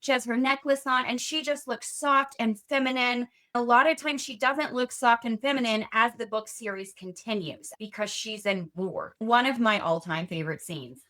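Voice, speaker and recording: A woman with a bright, fairly high voice hosts a podcast. She gushes about the books she loves with easy enthusiasm. She swears casually as she talks. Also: moderate pace, few pauses. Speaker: podcast host. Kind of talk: casual book chat.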